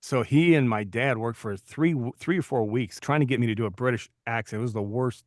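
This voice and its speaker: A man's voice: medium pitch, a little fast, darkish tone, no echo, clean studio sound. Man in his fifties telling stories. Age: 50s. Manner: storytelling, reflective. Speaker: podcast co-host, actor. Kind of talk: casual podcast chat.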